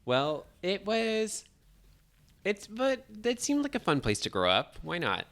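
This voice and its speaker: Brief: woman co-host, mid-pitched voice, dry and measured casual chat. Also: wildly swooping pitch. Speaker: podcast co-host.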